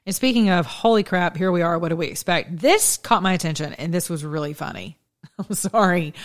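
A woman hosting an opinion podcast, talking in a sarcastic, combative way and laughing often. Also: on the low side. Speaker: podcast host. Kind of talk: opinion monologue.

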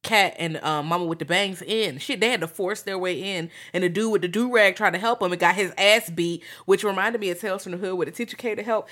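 An American woman co-hosting a loose, casual podcast. She talks in an animated way, swears freely and laughs often, her voice sitting at an ordinary middle pitch. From United States. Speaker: podcast co-host. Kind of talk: casual chat.

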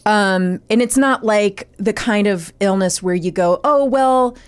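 A woman's voice: mid-range voice, unhurried, smooth. A woman co-hosting a podcast, chatting playfully and explaining her points. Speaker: podcast co-host. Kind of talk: casual chat.

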